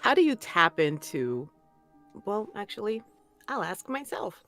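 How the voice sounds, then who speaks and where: A woman's voice: medium pitch, big pitch swings, a little slow, a bit bright, soft background music. A woman who works as a voice narrator, chatting casually about her craft. She speaks in a thoughtful, self-conscious way. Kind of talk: casual chat.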